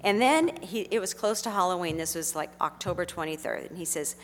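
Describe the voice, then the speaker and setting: A middle-aged woman telling a heartfelt personal story to an audience, speaking gently and earnestly with frequent fillers. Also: lowish voice, animated, a little fast, in a large hall, slight background noise.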